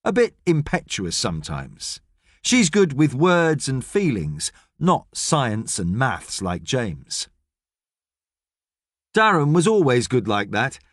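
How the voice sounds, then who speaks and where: A man's voice: medium pitch, slow, no room sound. A man narrating an audiobook in a scripted storytelling style, recorded on a studio microphone. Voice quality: expressive, storytelling.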